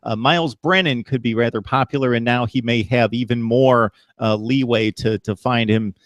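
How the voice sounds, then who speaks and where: A man hosting a college football talk show, speaking casually with many pauses and fillers. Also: mid-range voice, fairly even intonation, fairly bright tone, no room sound, studio quality. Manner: hesitant, full of pauses and fillers. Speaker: host.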